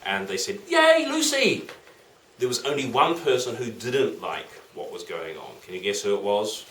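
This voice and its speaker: A man's voice: fairly low pitch, normal speed, fairly bright tone. A man telling a legend to children, playful and full of questions to his listeners. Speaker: storyteller to children. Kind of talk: lively storytelling for children. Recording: roomy, distant, faint noise.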